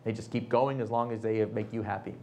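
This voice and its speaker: A man in his thirties talks at a fast clip in a fairly low voice as a guest at a live fireside chat. He tells stories with energy and slips into the voices of the people he quotes. Faint room noise sits behind him. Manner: animated storyteller acting out quoted people. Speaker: author and entrepreneur, guest. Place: event space with audience.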